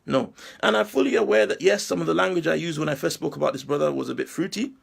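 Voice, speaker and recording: Gravelly, husky forceful male preacher. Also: on the high side, fast talker. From Nigeria. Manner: forceful, preachy, rhetorical questions. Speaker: Muslim commentator. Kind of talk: impassioned video monologue.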